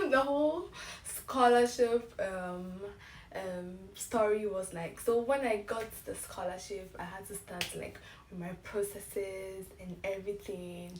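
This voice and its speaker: A woman's voice: mid-range voice, reverberant, far from the mic. A young woman in her twenties from Ghana, telling a casual story-time vlog and laughing as she acts out the emails she got. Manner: animated, laughing, acts out emails in bright voices. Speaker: vlogger.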